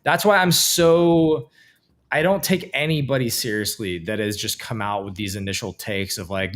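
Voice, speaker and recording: A man co-hosting a casual podcast, talking in an animated, emphatic way and swearing now and then. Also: on the low side, moderate pace, a little hiss or hum. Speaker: podcast co-host. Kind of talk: casual chat.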